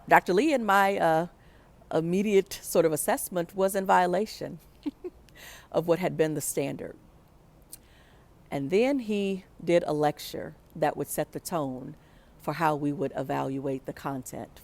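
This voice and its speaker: A woman with a slightly low-pitched voice tells a pre-recorded personal story. She is animated and reflective and acts out the voices of the people in her story. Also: gravelly. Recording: pre-recorded for a virtual event.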